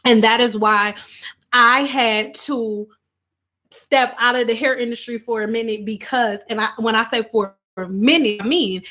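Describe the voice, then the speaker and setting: A woman talks candidly to her livestream audience in an animated, unscripted way. Her voice sits a little high, and she slips into quoted voices now and then. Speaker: hairstylist and online host. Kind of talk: casual livestream talk.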